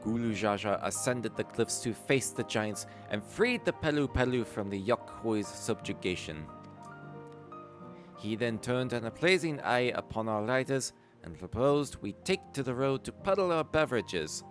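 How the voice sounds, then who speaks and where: A man reading the lines of a small, formal storyteller from a merchant clan, measured and solemn. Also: mid-range voice, animated, music in the background, natural voice. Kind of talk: reading game dialogue aloud.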